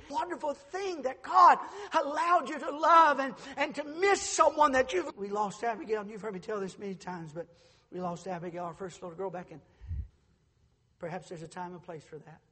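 A middle-aged man preaching a sermon as pastor, moving between quiet storytelling and shouted proclamation. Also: high-pitched, normal speed, breathy edge, long reverb tail.

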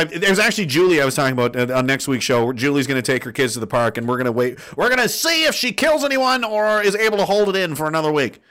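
A man's voice: fairly high pitch, expressive, fast talker, few pauses, sharp tone. A man in his thirties hosting a stream, reading chat messages aloud and ranting with a lot of profanity. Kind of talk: casual livestream rant.

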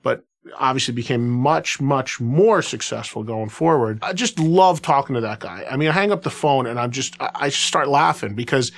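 This man hosts a radio show and shares anecdotes in casual, animated conversation, peppered with restarts and "you know." He speaks at a normal speed in a mid-range voice.

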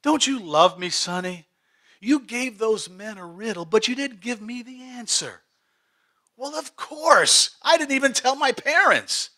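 A man voicing a young wife who pleads and coaxes her husband in a high, whiny falsetto. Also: animated, measured pace, bright, forceful tone, heavily acted. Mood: wheedling.

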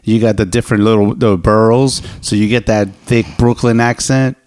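A man's voice: on the low side, steady tone, moderate pace, a little mellow, dry recording. A man co-hosting a podcast, speaking bluntly and swearing freely. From New York. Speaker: podcast co-host. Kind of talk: casual chat.

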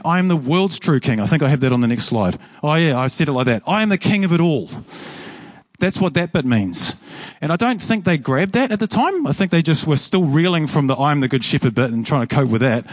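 A man's voice: fairly high pitch, dry recording. A man preaching a sermon in a church in a conversational way, often repeating phrases for emphasis. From New Zealand. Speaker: pastor.

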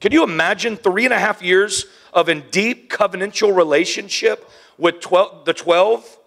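A man preaching a sermon, animated, acting out scenes with hushed whispers and playful voices. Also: high-pitched, normal speed, gravelly.

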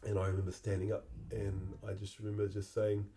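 A middle-aged man, hosting a podcast and telling a personal memory in a halting, reflective way that often repeats words. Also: fairly low pitch, completely flat delivery, dark tone. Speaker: podcast host.

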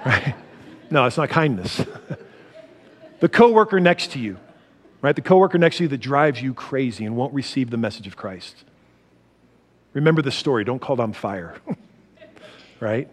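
A middle-aged man preaching a sermon, animated, laughing often and swinging from loud to soft. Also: mid-range voice, a little slow, long pauses. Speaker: pastor.

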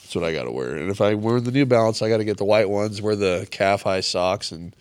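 A man's voice: fairly low pitch, brisk, clear, resonant tone. A man co-hosting a podcast, chatting casually and rambling with lots of filler words. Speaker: podcast co-host. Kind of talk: casual chat.

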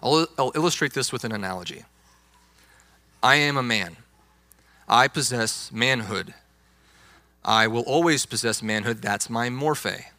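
A man's voice: medium pitch, unhurried, pauses often, bright, forceful tone, no echo. A young adult man, a youth pastor, preaching a sermon with emphatic, insistent stress on key words.

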